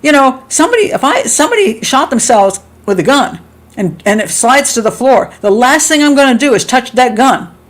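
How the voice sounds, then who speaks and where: A woman's voice: big pitch swings, moderate pace. Chatty woman hosting a live stream. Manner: chatty, reads viewer comments, laughs often; acts out quotes with sharp jumps in pitch. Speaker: host.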